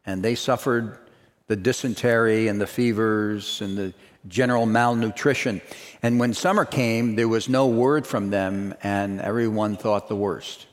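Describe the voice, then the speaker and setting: A man's voice: fairly low pitch, steady tone, a little slow. Man preaching in an echoing hall. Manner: storytelling, building to emphatic repeated declarations. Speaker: pastor. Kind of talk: sermon. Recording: reverberant hall.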